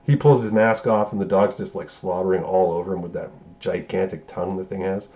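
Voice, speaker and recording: Low-voiced man rambling through a profane movie recap. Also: fairly even intonation, fairly quick, dark tone, muffled recording. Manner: loose, profane, rambling retelling with self-corrections. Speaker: movie reviewer. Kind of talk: casual spoiler review recap.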